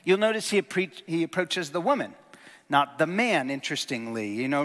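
A man delivering a lively sermon, his voice on the high side for a man. He talks casually and animatedly, tells jokes and hits words with strong emphasis. His voice rings out with the long reverb of a big hall. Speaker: preacher.

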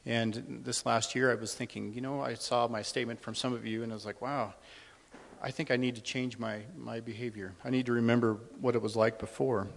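A man's voice: mid-range voice, steady tone, a little fast, gravelly. A middle-aged man sharing a personal testimony with a congregation in a church, speaking conversationally and a little nervously. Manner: conversational and a little nervous, with many ums and restarts. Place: church hall. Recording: long hall reverb.

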